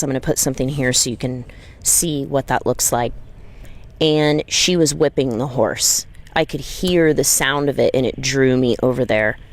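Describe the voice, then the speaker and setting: A woman telling a personal story to camera in an earnest, emphatic way, now and then acting out gentle pleas in a higher voice. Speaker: dog trainer and video creator.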